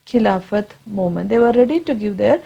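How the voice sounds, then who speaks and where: A woman with an Indian English accent teaching a history lesson online, restating each point slowly with fillers. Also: medium pitch, expressive, creaky, warm tone, slightly rough, lo-fi sound. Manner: fillers and restarts while explaining. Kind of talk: online classroom lecture.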